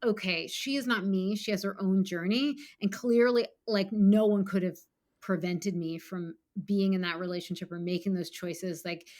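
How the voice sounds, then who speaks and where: A woman's voice: medium pitch, normal speed, darkish tone. A middle-aged woman author in a casual interview, talking with lots of "like" fillers and now and then acting out her own inner voice. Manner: frequent "like" fillers, acts out her inner voice in bursts. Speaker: author guest.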